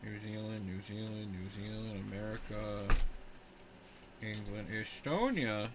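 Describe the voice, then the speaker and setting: Young man, streamer, lowish voice, sarcastic rambling chat, noisy room audio. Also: unhurried. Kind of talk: casual live-stream chat.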